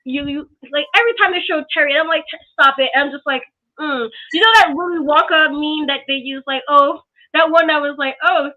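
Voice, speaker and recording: A woman's voice: high voice, a little fast. A woman reviewing wrestling in casual chat, ranting with sarcastic asides. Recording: tinny phone-like call audio.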